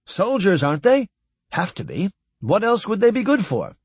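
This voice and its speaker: An eager, curious scientist who exclaims and fires questions, his voice leaping well above the reader's own as a man acts him out. A storybook figure, loud with excitement. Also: high-pitched, moderate pace, husky, dry recording, pitched above the performer's own voice, exaggerated voice. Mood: excited.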